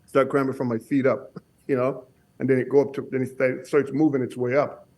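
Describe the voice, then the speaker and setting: A man guest telling a story on a casual podcast, halting and often repeating his words. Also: mid-range voice, little pitch movement, a little mellow. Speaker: guest bodybuilder.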